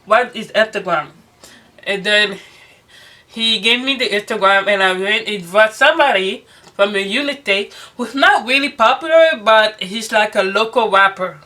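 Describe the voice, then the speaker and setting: A young woman vlogger in casual storytime chat, animated and swearing as she acts out quoted dialogue. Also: mid-range voice, normal speed. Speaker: beauty vlogger.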